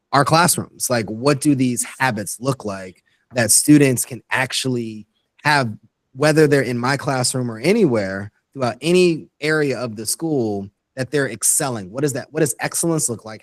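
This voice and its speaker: An earnest man explaining his ideas step by step as a guest on an interview. His voice sits at an ordinary middle pitch, recorded dry and close with no room sound. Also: moderate pace, no echo. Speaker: guest educator. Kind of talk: interview conversation.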